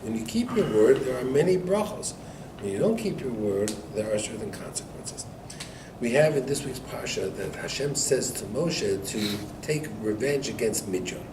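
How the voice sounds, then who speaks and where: A man, a rabbi, teaching a Torah class to students, telling a story with lively acted-out dialogue and frequent laughter. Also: medium pitch, normal speed. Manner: animated joke-telling, acting out dialogue, laughs often. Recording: echoey room recorded from far off, noisy.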